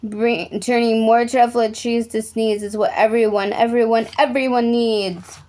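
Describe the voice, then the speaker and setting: A greedy factory owner snaps back in a lowered, defiant voice, as a woman reading aloud plays him. He sounds stubborn and heated, talking down to his listener. It is storybook reading for children. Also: fairly even intonation, measured pace, slight background noise, lightly acted. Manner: defiant, yelling.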